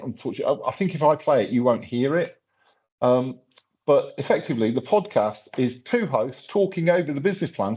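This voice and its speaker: He has a husky, darkish, medium-pitched voice as he presents a hands-on workshop. Talking casually through a live tech demo, he uses many fillers and restarts, and the recording comes across slightly dull and lo-fi.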